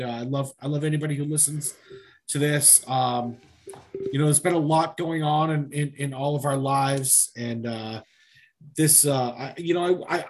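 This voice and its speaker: A man hosting a podcast, chatting casually with joking, profane banter. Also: mid-range voice. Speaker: podcast host. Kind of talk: casual chat.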